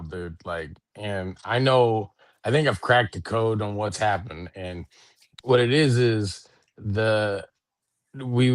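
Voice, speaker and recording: A man's voice: on the low side, dry recording. A middle-aged man co-hosting a casual podcast, rambling and swearing freely, and often asking "you know what I mean". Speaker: podcast co-host. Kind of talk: casual chat.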